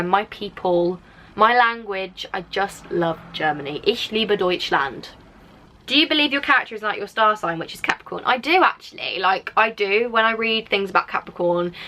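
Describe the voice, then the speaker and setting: A woman's voice: on the low side, sharp tone, poor audio. A young woman in her late teens with a Black Country accent, chatting casually on her vlog as she reads out and answers viewer comments, rambling with lots of fillers. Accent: Black Country English. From Black Country, England. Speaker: vlogger.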